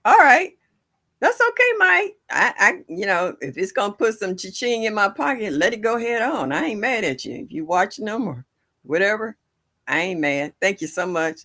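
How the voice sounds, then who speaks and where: An older woman hosts a gardening livestream from home on a livestream setup, her mid-range voice a bit bright with lively intonation at a normal speed. She chats casually and laughs with her live viewers in a folksy way.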